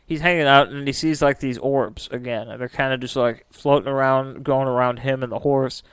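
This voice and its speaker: A man's voice: medium pitch, fairly even intonation, moderate pace, fairly bright tone, smooth, no echo. A man casually telling a spooky story as a podcast host, chatty and full of filler words.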